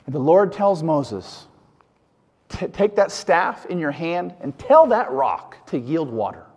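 Animated preacher in a reverberant hall. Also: male voice, fairly high pitch, slow pace, breathy edge. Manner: emphatic, asks the listeners questions. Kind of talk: sermon.

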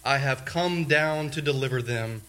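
A male pastor preaching a sermon, repeating key phrases emphatically and swinging between loud declarations and hushed lines. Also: mid-range voice, moderate pace.

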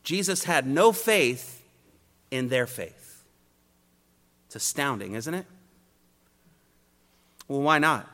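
Male preacher, expository sermon, emphatic triads, bright and forceful, long hall reverb. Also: mid-range voice, sing-song, takes it slowly, long pauses. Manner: emphatic, builds points in repeated rhetorical triads.

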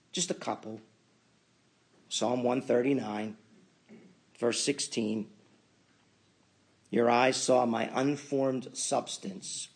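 A man preaching a sermon as pastor, building to emphatic loud peaks and then dropping to quiet asides. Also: medium pitch, breathy edge.

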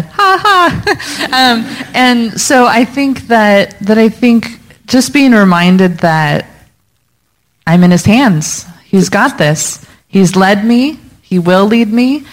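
A woman speaking as a missionary guest to a church congregation on a handheld mic in a church hall, encouraging and quick to laugh. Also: mid-range voice. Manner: slows down to teach pronunciation.

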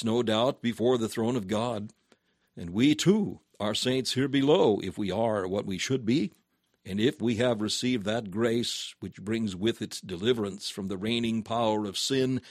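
Guy reading an old sermon, earnest and measured, leans on words, dry close sound. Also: on the low side, dry recording. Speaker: preacher.

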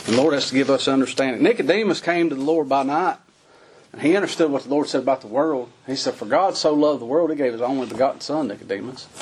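A man preaching a folksy sermon, his voice climbing high on the emphatic lines. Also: fast, darkish tone, breathy edge.

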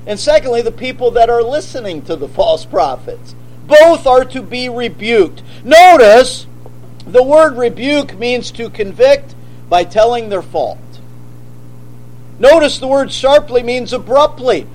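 A man preaching a sermon, forceful and emphatic, asking rhetorical questions. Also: extremely high pitch, expressive, measured pace, slight background noise, rough recording. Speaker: pastor.

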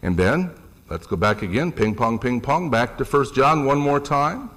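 Man, middle-aged, preacher, animated sermon delivery, rising emphasis, questions to congregation. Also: medium pitch, normal speed.

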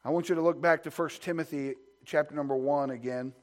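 High-voiced man preaching a fervent sermon. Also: fairly even intonation, a little fast. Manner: fervent, builds through repeated phrases; asks the congregation rhetorical questions.

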